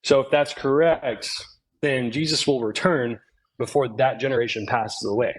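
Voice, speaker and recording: Debate caller, man, mid-pitched, pushy and insistent. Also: normal speed, poor audio. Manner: insistent, interrupting. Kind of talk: online debate.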